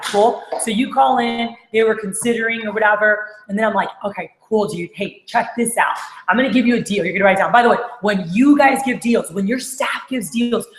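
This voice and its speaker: A woman giving an energetic sales training talk to managers, acting out phone calls in quick quoted voices. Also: mid-range voice, reverberant, low-quality recording.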